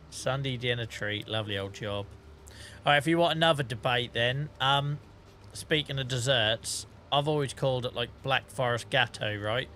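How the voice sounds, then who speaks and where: A man's voice: medium pitch, measured pace, long pauses, sharp tone, faint music behind. A man with a Norfolk accent chatting casually with his live-stream chat while playing, laughing often and reading out messages. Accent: Norfolk English. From England. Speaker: game streamer.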